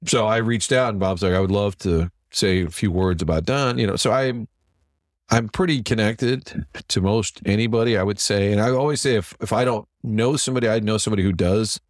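A fairly low-pitched middle-aged man spinning casual anecdotes as a podcast guest. He talks like a seasoned TV sports director, lively and chatty, slipping into other people's voices as he quotes them. The sound is dry and close, with no room around it. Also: fairly quick, no room sound. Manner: animated anecdote teller who acts out quotes. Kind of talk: casual storytelling interview.

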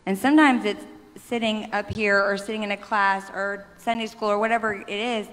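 A woman in her thirties tells her faith story in a heartfelt, rambling way, often breaking off and restarting. Her voice sits at a middle pitch. A long reverb hangs on every word, as in a large church hall. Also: steady tone, normal speed, a bit bright. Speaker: panelist sharing testimony. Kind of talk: personal faith testimony on stage.

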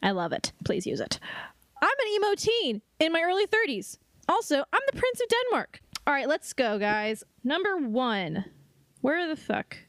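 Brief: young woman co-host, high voice, giggly and playful, close dry sound. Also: sing-song, normal speed, no room sound. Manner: giggly, playful, breaks into loud mock wails. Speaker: podcast co-host. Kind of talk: casual comedic book chat.

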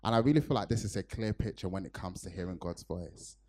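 A man's voice: deep voice, fast, a little mellow. A man from Nigeria preaching a sermon to his church, telling a personal story earnestly with frequent fillers.

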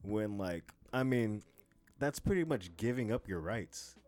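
A man's voice: on the low side, lively intonation, unhurried, a little mellow, soft background music. A young man co-hosting a casual podcast, talking in a rambling, profane way with lots of restarts. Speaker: podcast co-host.

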